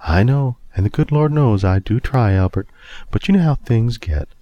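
A man voicing a gentle, sweet-mannered elderly homeless woman. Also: medium pitch, expressive, moderate pace, muffled recording, pitched above the performer's own voice, natural voice.

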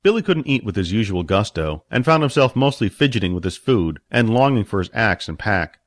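An audiobook narrator with a fairly low voice reads a fantasy story at a fairly quick clip. He narrates expressively and puts on distinct voices for the characters.

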